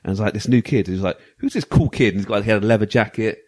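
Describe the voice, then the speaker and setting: A man co-hosting a retro gaming podcast, telling a long anecdote in lively, laughing casual chat. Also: fairly low pitch, rapid-fire. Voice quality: animated. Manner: lively storytelling, often laughing. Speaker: podcast co-host.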